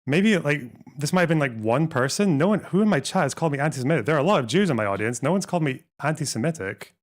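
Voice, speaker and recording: A man's voice: on the high side, expressive, fast. A man streaming a live reaction, talking back at a video with profane, scornful sarcasm.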